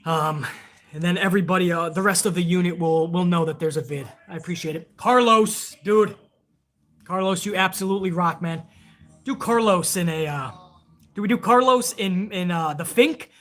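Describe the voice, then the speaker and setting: A man's voice: high voice, normal speed, a bit bright, soft background music. A man hosting a live wrestling stream, chatting casually and rambling with plenty of swearing while reading viewer donations aloud.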